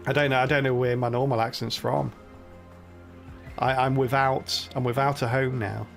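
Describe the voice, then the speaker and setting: A man's voice: medium pitch, steady tone, normal speed, vocal fry, fairly bright tone, soft background music. A young British man casually commentating his game on a live stream, chatty and laughing often as he talks to his viewers.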